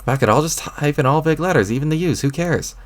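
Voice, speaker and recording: A man's voice: fairly high pitch, expressive, quick pace, voice pushed up, lightly acted. A man voicing a petulant, arrogant young male alien who barks demands and sulks, reading a webcomic aloud. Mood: sulky. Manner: shouty, indignant, demanding.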